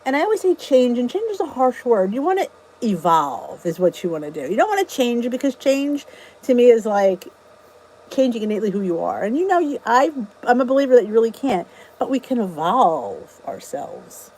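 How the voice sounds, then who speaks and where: A woman's voice: on the high side, very animated, moderate pace, a little mellow, poor audio. A middle-aged woman from New Jersey hosting a casual live chat. She is chatty and emphatic and repeats her key points. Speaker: vlog host answering live chat.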